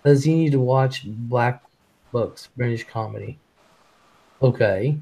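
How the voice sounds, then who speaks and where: A blunt man hosting a live stream in casual chat. He talks fast and swears freely, and his voice sits at a middling pitch. He reads chat messages out between his own remarks. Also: creaky, warm tone, husky.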